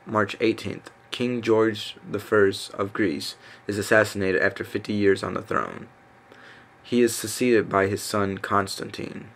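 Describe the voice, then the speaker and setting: Low-voiced man reading haltingly. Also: steady tone, fairly bright tone. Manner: halting, stumbles over names with fillers and self-corrections. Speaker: reader. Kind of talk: casual reading aloud. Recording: faint background noise.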